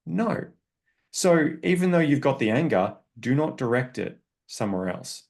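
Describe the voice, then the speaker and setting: A man's voice: mid-range voice, sing-song, normal speed, gravelly, darkish tone. A man speaking as a parenting coach on a podcast, earnest and instructive, often checking in with "okay?". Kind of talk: podcast interview.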